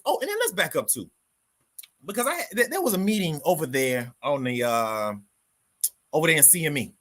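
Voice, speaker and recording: A livestream host with a high, pushed, bright voice reads chat comments and rants passionately. He repeats words as he goes and calls listeners "dog."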